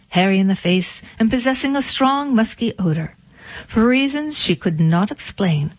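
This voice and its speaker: A woman reading a scripted satirical fairy tale in a dry, deadpan manner, on a dull lo-fi recording. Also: medium pitch, no echo. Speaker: storyteller. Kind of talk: scripted story narration.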